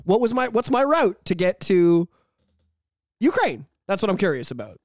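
A man co-hosting a casual podcast, his voice pitched high and swinging widely as he jokes and curses. He talks close into a mic in a dry, dead room. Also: moderate pace, no room sound. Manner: animated, joking, swears freely. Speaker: podcast co-host.

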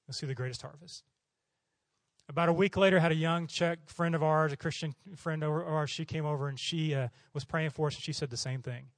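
This fast-talking male missionary preacher from Oklahoma has a fairly high pitch, heard on a dry recording. He delivers a storytelling sermon in an animated way, acting out the voices in his stories.

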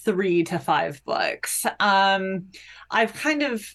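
A woman's voice: mid-range voice, extremely slow. A woman guest on a podcast, chatting casually and easing into answers with "um" and "yeah so". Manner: relaxed, hedging with "um" and "yeah".

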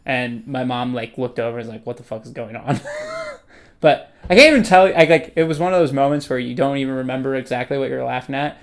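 A man's voice: mid-range voice, quick pace, clear, resonant tone. A young man in casual banter with a friend. He rambles through his stories and teases along the way. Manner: rambling, teasing, swearing.

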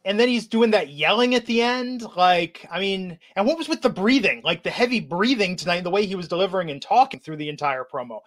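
High-voiced sarcastic male podcast host. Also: animated, fairly quick, hardly any pauses, fairly bright tone. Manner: sarcastic, mocking commentary. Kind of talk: casual chat.

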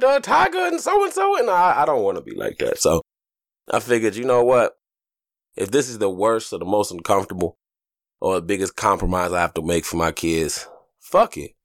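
A man hosting a casual podcast, talking loosely and profanely, telling stories and jumping into high joking voices, while getting over a stomach flu. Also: no echo, clean studio sound. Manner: loose, profane, animated storytelling with sudden high jokey voices. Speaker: podcast host. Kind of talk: casual solo podcast monologue.

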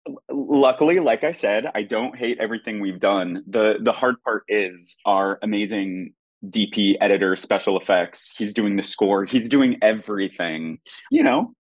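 Low-voiced actor chatting animatedly. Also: male voice, normal speed, dry recording. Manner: chatty, animated, with fillers and restarts. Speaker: actor and producer, guest. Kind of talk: casual interview chat.

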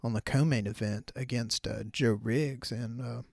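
A man's voice: mid-range voice, fairly even intonation, moderate pace, gravelly, no room sound, studio quality. A man hosting a podcast alone, talking in a loose, chatty, profane way with lots of fillers and restarts. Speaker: podcast host. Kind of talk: casual solo podcast rant.

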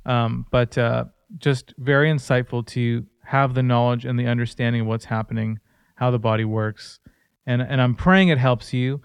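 This thirties-aged co-host of a relaxed faith-based podcast shares personal stories earnestly and conversationally. His medium-pitched voice is gravelly, clear, and resonant, delivered flatly at normal speed with no echo.

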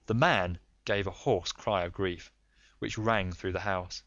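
A man narrating a classic mystery story in a steady storytelling delivery. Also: sits low, measured pace, no echo, highs cut off. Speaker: audiobook narrator. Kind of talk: scripted narration.

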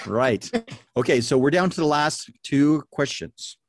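A man's voice: on the high side, lively intonation, unhurried, no echo, studio quality. A man hosting a podcast trivia game, reading questions and scoring answers playfully. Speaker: quiz host.

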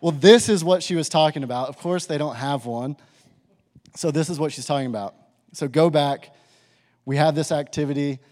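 A man's voice: a little high, normal speed. Young man telling a story in a hall. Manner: casual, animated, many "like" fillers. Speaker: speaker sharing a testimony. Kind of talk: storytelling testimony to a live audience. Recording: reverberant hall.

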